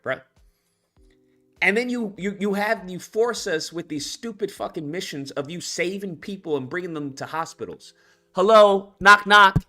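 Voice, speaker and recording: A man's voice: high-pitched, sharp tone. A man hosting his own commentary channel, ranting about a video game in a heated, profane way with many restarts.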